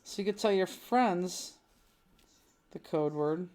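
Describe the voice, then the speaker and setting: A woman's voice: on the low side, takes it slowly, dark tone. A woman hosting a live online craft class, chatting casually, laughing often and thinking aloud as she works. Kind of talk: casual live-stream chat while crafting.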